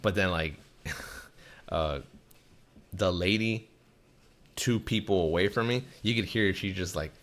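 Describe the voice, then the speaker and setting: Deep-voiced young man telling a swearing story. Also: slow, long pauses. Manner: animated, swears a lot, acts out quoted people. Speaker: podcast host. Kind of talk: casual storytelling chat.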